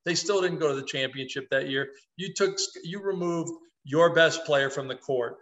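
Animated, bright-voiced sports columnist man. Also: fairly high pitch, moderate pace. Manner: animated, opinionated, self-deprecating. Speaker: podcast co-host, sports columnist. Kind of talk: casual sports talk.

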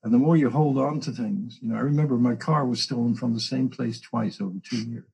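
A man with a gravelly, very raspy voice telling stories with animated, dramatic asides in a casual spiritual conversation. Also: medium pitch, a little fast.

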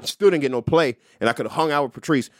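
A man hosting a casual podcast chat, telling stories in an animated way and slipping into voice impressions. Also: on the high side, fast talker, no room sound, clean studio sound. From moved to New York as a young comic. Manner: animated storyteller, lively voice impressions. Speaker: podcast host.

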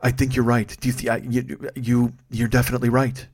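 A man's voice: mid-range voice, little pitch movement, fairly quick, close to an everyday voice. A man voicing a sheepish, lovesick young male passenger who stammers and mumbles.

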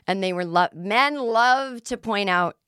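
A woman's voice: mid-range voice, a little slow, fairly bright tone, smooth, dry recording, clean studio sound. A middle-aged woman hosting a solo podcast, ranting sarcastically and acting out imagined conversations. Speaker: podcast host. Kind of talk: casual solo podcast monologue.

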